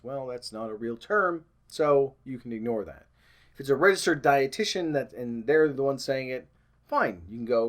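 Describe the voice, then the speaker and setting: A man's voice: mid-range voice, lively intonation, normal speed. A man talking casually to the camera in a vlog, rambling with frequent ums and restarts, and putting on mock-panicked voices when he quotes alarmists. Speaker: vlogger.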